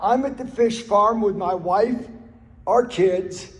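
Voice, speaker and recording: Taking his time, a man with a high voice gives an earnest personal talk about his recovery. He leans on stories and repeated phrases for emphasis, and the audio comes from a reverberant hall.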